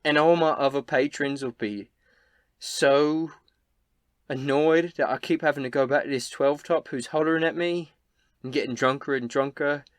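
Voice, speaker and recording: A man's voice: a little high, steady tone, normal speed, no room sound, clean studio sound, pitched above the performer's own voice, lightly acted. A man voicing a chatty young female barmaid.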